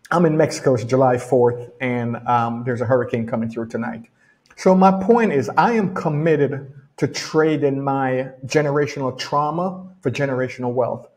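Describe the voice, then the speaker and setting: A man's voice: mid-range voice, moderate pace, a little mellow. A middle-aged man with a Jamaican accent gives a casual motivational talk as a personal development coach, repeating his key phrases for emphasis. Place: home in rainy weather.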